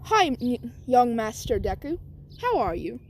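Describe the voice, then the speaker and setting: A woman voicing a courteous, fussy robot servant who speaks calmly and reassuringly. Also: on the high side, measured pace. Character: polite fussy robot servant, calm and tidy.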